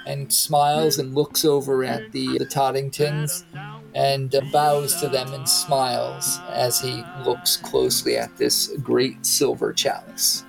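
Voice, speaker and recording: Gravelly-voiced man as game master. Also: mid-range voice, flat delivery, slow, rough recording. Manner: plays several characters with voices. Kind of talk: narrating a tabletop game. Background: music.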